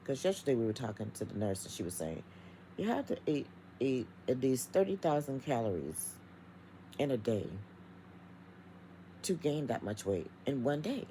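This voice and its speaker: A woman's voice: extremely low pitch, very animated, normal speed, warm tone, a little hiss or hum, poor audio. A middle-aged woman vlogging from home, talking straight to her viewers in an emphatic, chatty rant. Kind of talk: casual vlog rant.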